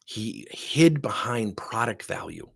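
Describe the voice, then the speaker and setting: A man's voice: fairly low pitch, normal speed, slightly rough, no room sound, studio quality. A middle-aged man as a sales trainer, telling blunt, emphatic stories in a workshop webinar. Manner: animated, blunt, emphatic storyteller.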